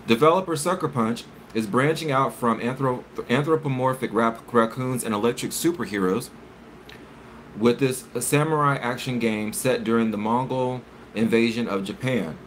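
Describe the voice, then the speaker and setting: A man talks to his live-stream chat at a middle pitch, rambling and stumbling as he reads news pieces aloud. A faint hum of room ambience sits behind his voice. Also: normal speed, fairly bright tone. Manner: chatty and rambling, reads articles aloud with stumbles and self-corrections. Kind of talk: casual live-stream chat, reading chat messages.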